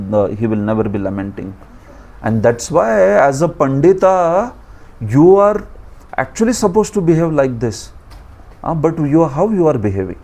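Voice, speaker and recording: An Indian man teaching a scripture class, at an ordinary middle pitch. He lectures conversationally, throwing questions to his students and adding a chuckling aside now and then. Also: darkish tone.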